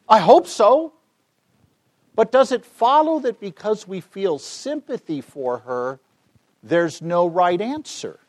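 A man in his fifties from the United States, giving a persuasive public talk with rhetorical questions and wry humor. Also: high-pitched. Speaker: public speaker and campus debater.

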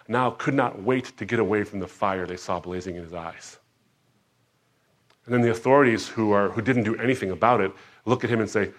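A man preaching a sermon, moving from quiet reflection to loud, emphatic outbursts and acting out quoted voices. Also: low-pitched, steady tone, a little fast. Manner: dramatic, swings between soft reflection and loud emphatic outbursts.

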